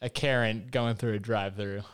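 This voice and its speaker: A man's voice: lowish voice, steady tone, brisk, smooth. A young man hosting a podcast in casual chat, laid-back and swearing casually. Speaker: podcast host.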